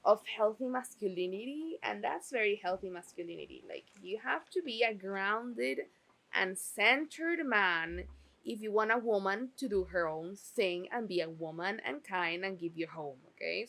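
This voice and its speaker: Slow-talking casual woman reviewer. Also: medium pitch, animated, vocal fry, fairly bright tone, low-quality recording. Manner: chatty, swears, many fillers. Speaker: TV series reviewer.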